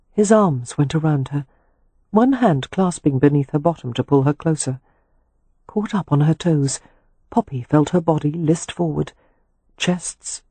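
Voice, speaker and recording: A man narrating a romance audiobook in a slow, sensual, measured reading. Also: fairly high pitch, warm tone, slightly rough, dry recording. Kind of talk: scripted narration.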